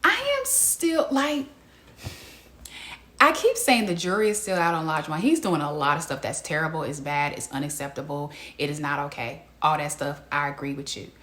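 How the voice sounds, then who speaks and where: A woman's voice: sits low, fast, hardly any pauses, roomy sound. Chatty woman reviewing reality TV. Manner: animated, chatty, quoting people in their voices. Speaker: reality TV recap host. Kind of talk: casual reality show review.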